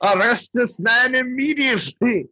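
A man doing a pompous cartoon tyrant, pitched well above his own voice and barking in a husky, overblown way. Every order comes out loud and theatrical. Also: expressive, a little slow, no room sound, heavily acted. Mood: outraged. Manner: over the top, shouting orders. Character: pompous blustering adult male town tyrant.

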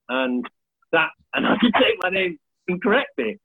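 A gravelly, breathy high voice with big pitch swings belongs to a man in his thirties, a comedian on a podcast who makes fun of himself and swears freely at a moderate pace. It's a casual chat, recorded dry yet coming through a tinny, phone-like line with faint hiss.

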